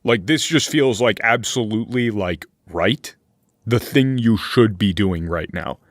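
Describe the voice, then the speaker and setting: A man running a tabletop game as game master, narrating slowly with fillers and restarts. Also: on the low side, lively intonation, dry recording, studio quality. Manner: slow, hesitant narration with many fillers.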